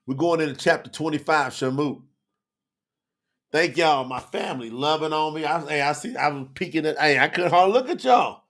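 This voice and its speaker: Gravelly, emotional man teaching scripture. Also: fairly high pitch, animated, moderate pace, fairly bright tone. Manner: emotional, preachy, talks to chat. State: teary and sweating. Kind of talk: live-streamed Bible teaching.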